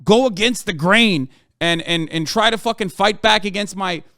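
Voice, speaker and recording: A man's voice: sits high, normal speed, sharp tone, dry recording, clean studio sound. A man streaming a heated, profane and sarcastic rant reacting to the news. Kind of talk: ranting commentary.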